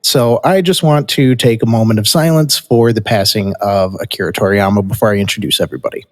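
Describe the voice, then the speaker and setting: A man hosting a casual podcast who talks haltingly, with many fillers and restarts. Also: on the low side, in a large hall. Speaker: podcast host. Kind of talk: casual chat.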